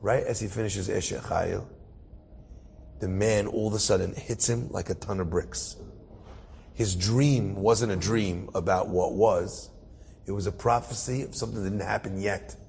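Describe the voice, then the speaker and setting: A man's voice: lowish voice, normal speed, a little hiss or hum. A man, a rabbi, telling a story aloud and acting out its characters with rising emotion. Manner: animated, acts out the characters' voices with rising emotion. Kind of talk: storytelling talk. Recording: husky voice in a reverberant hall.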